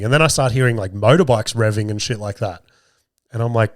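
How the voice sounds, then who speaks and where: A podcast host in his thirties, his throat strained and sore, rambles through a profane, self-deprecating story. His voice is lowish and fairly quick, captured as clean studio audio with no echo.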